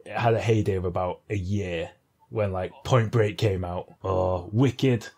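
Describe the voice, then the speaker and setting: Husky-voiced man trading dry podcast quips. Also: sits low, unhurried, a little mellow. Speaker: podcast co-host. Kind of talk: casual comedic chat.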